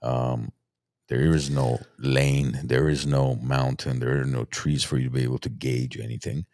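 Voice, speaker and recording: Very deep-voiced man, dry close sound. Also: little pitch movement, darkish tone, dry recording. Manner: halting, searches for words, restarts. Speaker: podcast host. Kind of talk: casual podcast chat.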